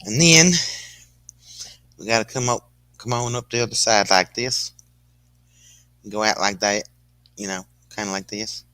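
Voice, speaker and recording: Bright-voiced goofy man teaching painting. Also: fairly low pitch, measured pace, pauses often, no room sound. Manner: goofy, sings snatches of song, puts on a folksy drawl; rambling, many fillers like "kinda, like". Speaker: painting instructor on a live stream. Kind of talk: casual painting demo with jokes.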